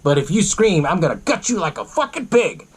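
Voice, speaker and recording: A man's voice: high-pitched, sing-song, fairly quick, husky, pitched above the performer's own voice, full character voice. A man voicing an unhinged, foul-mouthed male killer who rants and threatens, in a comedy podcast retelling. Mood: menacing. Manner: yelling, menacing, crude.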